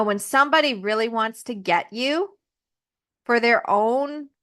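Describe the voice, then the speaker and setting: Chatty higher-voiced woman telling a story. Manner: chatty, animated retelling with asides. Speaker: podcast host. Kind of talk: casual storytelling.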